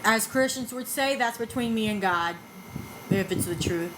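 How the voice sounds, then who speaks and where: A high-pitched woman with a drawl answers her critics bluntly and defensively, swearing as she goes. Faint noise hums behind her voice. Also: normal speed. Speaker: vlogger reacting to videos. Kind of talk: casual reaction commentary.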